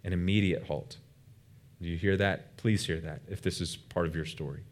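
A man's voice: deep voice, steady tone, fairly quick. A man preaching a sermon as a pastor, earnest and emphatic, with frequent fillers and restarts.

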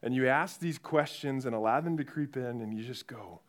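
A young man preaching a youth sermon, telling stories with animated quoted voices. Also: medium pitch, moderate pace. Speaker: youth pastor.

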